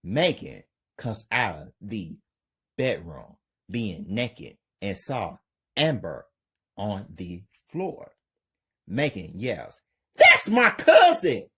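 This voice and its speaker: A man's voice: low voice, breathy edge. A man narrating an amateur crime story for his channel, reading plainly. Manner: slow, plain reading with hype outro.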